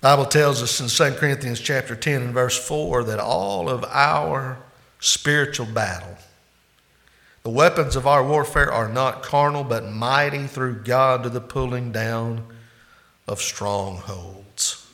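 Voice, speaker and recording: A man preaching a sermon as pastor, swinging between loud, emphatic climaxes and quieter, hushed asides. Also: mid-range voice, measured pace.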